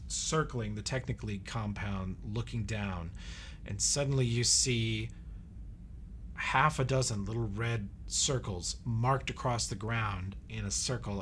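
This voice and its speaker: A man's voice: mid-range voice, a little hiss or hum. A man narrating as game master of a tabletop game, describing the scene in vivid detail.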